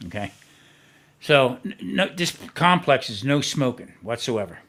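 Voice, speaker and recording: An older man spins a rambling story on a casual talk show, mid-pitched, and acts out his shouted lines with lots of gusto. He talks like a grandfather swapping tales over a beer. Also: very animated, unhurried. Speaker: podcast host.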